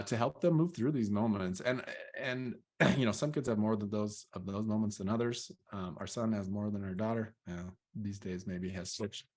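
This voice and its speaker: In a relaxed, rambling way full of fillers, a man in his thirties shares a parenting story from his life as a father during casual conversation. He speaks with a lowish voice.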